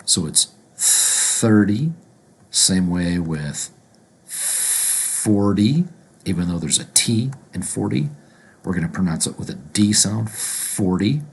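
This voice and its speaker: A man teaching pronunciation, speaking deliberately and repeating each word slowly. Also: deep voice, gravelly, husky. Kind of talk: slow instructional explanation.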